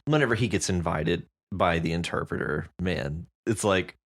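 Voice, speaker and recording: A woman's voice: very deep voice, normal speed. A woman co-hosting a podcast, chatting casually about submitted stories in an easygoing, reflective way and laughing heartily. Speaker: podcast co-host.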